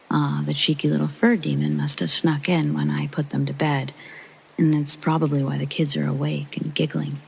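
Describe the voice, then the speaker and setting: A narrator reading a first-person paranormal story in a soft whispered sleep-story style, with a breathy half-whisper. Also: medium pitch, low-quality recording.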